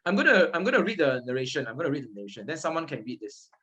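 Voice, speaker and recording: Male Dharma teacher, conversational, checks in with class. Lively, slightly high. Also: very fast, highs cut off. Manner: conversational, checks in with listeners often. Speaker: Buddhist teacher.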